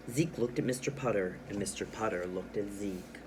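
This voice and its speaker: A man gives a children's reading lesson, reading a storybook aloud with lots of expression, stressed words and pauses, then plainly explaining what he did. His voice is on the low side and darkish, with slight background noise.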